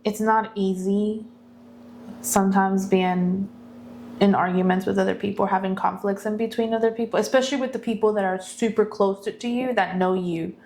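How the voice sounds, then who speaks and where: A woman's voice: mid-range voice, steady tone, moderate pace, darkish tone, a little hiss or hum. A married woman co-hosting a casual podcast chat, candid and slipping in jokey asides. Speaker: podcast co-host.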